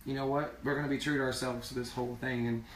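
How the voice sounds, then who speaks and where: A man's voice: medium pitch, flat delivery, fast, a bit bright, a little hiss or hum. A man singer in a casual live video chat, speaking earnestly and repeating words for emphasis. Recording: roomy sound from far off.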